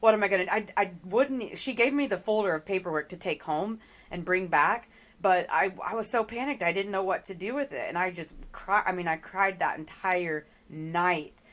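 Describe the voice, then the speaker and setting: A middle-aged woman with a slightly low voice, speaking as a guest in an interview. She tells her story candidly and earnestly, pausing often on ums and restarting her sentences. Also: fairly bright tone.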